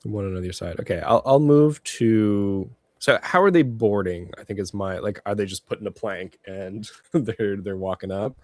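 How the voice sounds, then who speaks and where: Low-voiced male player, deliberate and rules-minded, dry close mic. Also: darkish tone, dry recording. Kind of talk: tabletop game play.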